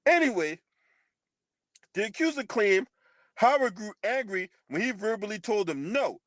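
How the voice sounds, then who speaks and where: Man, high voice, profane mocking commentary, laughs often, dry close sound. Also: lively intonation, unhurried, a bit bright, no room sound. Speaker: channel host, commentator.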